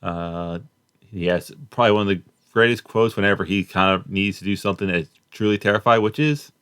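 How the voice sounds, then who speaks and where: Deep-voiced man rambling about cartoons. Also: fairly even intonation, fairly bright tone, clear, resonant tone, no echo. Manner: rambling, halting, many fillers and restarts. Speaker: cartoon reviewer. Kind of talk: casual spoken review.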